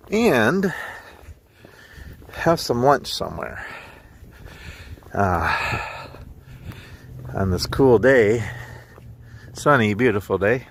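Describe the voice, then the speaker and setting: A man casually narrating his walk through town streets in a slow, rambling, chatty way with chuckles, talking to a handheld camera. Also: mid-range voice, fairly bright tone, slight background noise. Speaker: walking vlogger.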